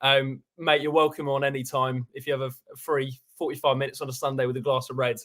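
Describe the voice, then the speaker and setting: A man's voice: mid-range voice, flat delivery, fast talker, a bit bright. A man hosting a football fan channel over a video call, enthusiastic and full of eager agreement. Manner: enthusiastic, repeats "love it" and "hundred percent". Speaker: podcast host. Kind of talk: casual fan-channel chat.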